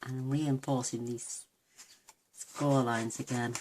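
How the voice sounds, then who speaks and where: Lady, really low voice, chatty craft demo at home, hissy recording with clicks and paper shuffling. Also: steady tone, slow pace, darkish tone. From United Kingdom. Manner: homely, chatty, self-deprecating asides. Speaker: papercraft demonstrator.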